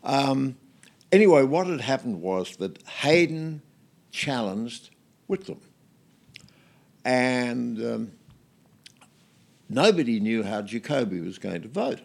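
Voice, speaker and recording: Older Australian man telling lively stories. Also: medium pitch, slow, vocal fry, pauses often. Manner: anecdotal, lively, with many fillers and restarts. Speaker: guest. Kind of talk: relaxed storytelling interview.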